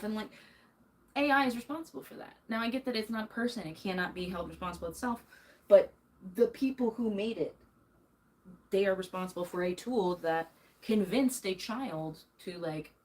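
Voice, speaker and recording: A young woman vents on a casual livestream from her bedroom while folding laundry. She talks heatedly and with emphasis, letting out nervous little laughs between the angry points. Her voice sits at an ordinary middle pitch for a woman. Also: a little mellow, rough recording. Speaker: streamer. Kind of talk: angry ranting livestream chat.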